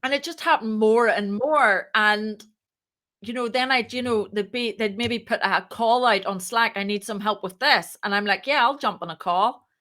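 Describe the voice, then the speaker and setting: A woman founder talks on a podcast with a bright, clear, somewhat high voice. She tells her story casually and with energy, and slips into the voices of the people in it. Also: moderate pace. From moved to Ireland. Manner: lively, acts out quoted dialogue. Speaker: podcast guest, startup founder.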